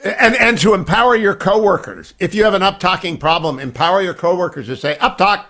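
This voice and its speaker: A man's voice: high-pitched, fairly quick, sharp tone. A man in his sixties hosting talk radio, joking and bantering with a guest. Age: 60s. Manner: jokey and bantering. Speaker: radio host.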